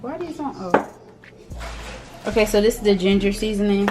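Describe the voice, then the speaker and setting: A woman's voice: medium pitch, lively intonation, normal speed, over music. A young woman chatting casually and teasingly while she cooks for her channel. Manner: playful, teasing, slangy. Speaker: cooking vlogger. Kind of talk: casual cooking chat.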